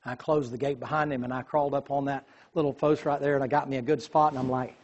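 A man telling a lively story in a sermon, acting out the voices of the people in it. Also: mid-range voice, fast talker, lo-fi sound. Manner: animated storyteller, quotes voices.

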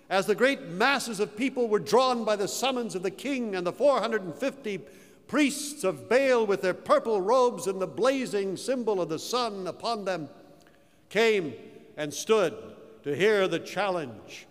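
A male preacher with a high voice tells his story with slow, emphatic phrasing. His sermon rings out in a church sanctuary with a long, echoing reverb. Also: expressive. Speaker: pastor.

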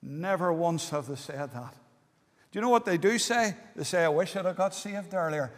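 A man's voice: fairly high pitch, lively intonation, normal speed. A man preaching an earnest, pleading evangelistic sermon in a meeting hall, dwelling on key words. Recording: long hall reverb.

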